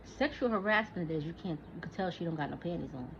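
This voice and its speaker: A woman in her forties rants in a casual, heated, profane monologue, talking back at an imagined listener. Her lowish voice has lively intonation and she talks fast, captured in a dull lo-fi recording with faint noise.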